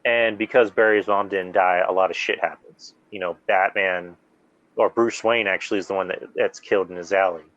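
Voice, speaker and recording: Rambling low-voiced podcast host. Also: male voice, a little fast, no echo, dull audio. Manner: rambling, animated fan recounting plots with many fillers. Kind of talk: casual chat.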